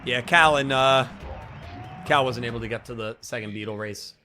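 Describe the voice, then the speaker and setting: Hoarse, chatty male game streamer. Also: medium pitch, moderate pace. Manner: chatty, excitable, reacts aloud and thanks viewers. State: hoarse, losing his voice. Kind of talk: casual live gameplay commentary. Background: game music.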